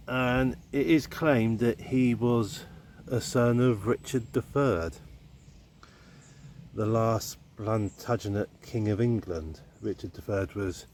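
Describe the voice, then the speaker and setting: A fairly low-pitched, darkish voice comes through with a bit of hiss or hum as a man vlogs on a countryside walk. He chats to the camera in a rambling, wry manner, dropping in playful asides.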